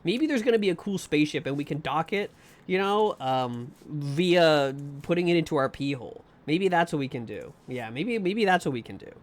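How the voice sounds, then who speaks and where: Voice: mid-range voice, expressive, moderate pace. A live streamer giving gameplay commentary, talking to viewers, nervously narrating each move, swearing and pleading over and over with anxious laughs.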